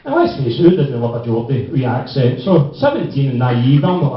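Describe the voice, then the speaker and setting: A man's voice: medium pitch, very animated, normal speed. A man with a Glaswegian Scottish accent telling a rambling, laugh-filled anecdote as a tribute speech to a friend at a party. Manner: rambling, often breaking into laughter. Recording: echoey hall, distant dull mic.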